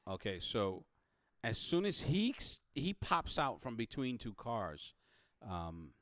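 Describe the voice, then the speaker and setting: A man narrating a tabletop game as game master, halting, with many fillers and restarts. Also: mid-range voice, sing-song, a bit bright, no room sound, studio quality.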